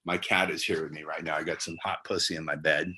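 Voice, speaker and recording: A man in his sixties speaks from a side room at home as a dating coach, blunt and often profane. His voice sits very low yet sounds forceful and bright. When he demonstrates, he drops into a slow, hypnotic cadence. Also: level tone, a little hiss or hum. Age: 60s. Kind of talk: casual instructional talk.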